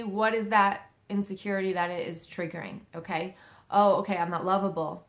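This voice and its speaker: A woman's voice: medium pitch, steady tone, normal speed, a bit bright. A young adult woman giving casual spiritual advice, talking in a loose, conversational way with many fillers and checks of "okay?". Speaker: psychic medium giving spiritual guidance.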